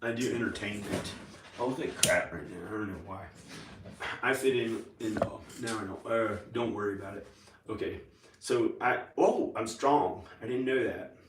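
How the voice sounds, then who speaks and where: A man vlogging in a rambling, halting way, full of restarts, sounding tired and short on sleep. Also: lowish voice, fairly bright tone, roomy sound, recorded from a distance, slight background noise, poor audio. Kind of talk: rambling casual monologue to camera.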